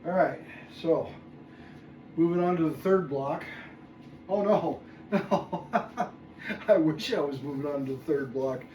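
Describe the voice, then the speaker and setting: A man in his sixties counts his reps slowly and groans between sets, winded from the effort. His voice sits a little high. He sounds distant, picked up by a phone across an echoey room with steady background noise. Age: 60s. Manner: groans and mutters between sets, chatty asides. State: out of breath. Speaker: fitness vlogger. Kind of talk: workout vlog, counting reps aloud. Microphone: phone camera set at a distance.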